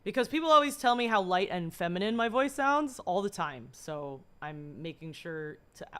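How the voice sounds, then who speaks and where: A woman's voice: fairly low pitch, sing-song, moderate pace, a bit bright, smooth. Chatty swearing woman streamer. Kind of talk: casual reaction chat.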